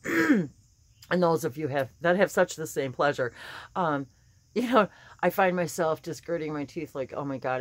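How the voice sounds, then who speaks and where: A woman with a slightly hoarse morning voice, giving a casual spiritual talk, chatty and laughing often, with many fillers and restarts. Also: low-pitched, no room sound. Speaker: spiritual channeler and teacher.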